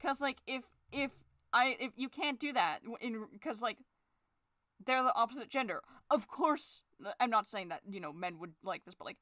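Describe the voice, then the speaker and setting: A young woman chatting casually while she draws, sarcastic, swearing freely, and jumping into shrill forced cheer. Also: animated, normal speed, pushed and bright, dry recording, studio quality. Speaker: drawing vlogger. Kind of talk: casual chat while drawing.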